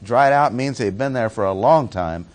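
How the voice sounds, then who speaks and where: A man's voice: medium pitch, normal speed. A man teaching through a Bible passage verse by verse, stressing key words by repeating them.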